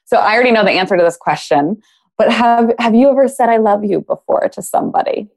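A woman's voice: medium pitch, expressive, quick pace, darkish tone. A woman talking casually on a podcast as a guest, explaining ideas with analogies and acted-out quotes.

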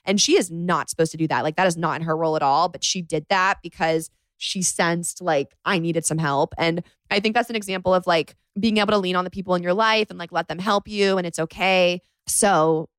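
A woman's voice: on the low side, a little fast, hardly any pauses, smooth, no room sound. A young woman hosting a casual solo podcast from her bedroom, confiding and chatty, saying "like" a lot. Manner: chatty, confiding, says "like" often. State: emotional after crying. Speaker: podcast host.

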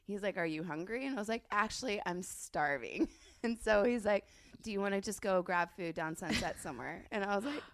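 A woman's voice: medium pitch, animated, fairly quick, no echo. A woman in her thirties, a podcast guest telling a story in casual chat, laughing often as she talks. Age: 30s.

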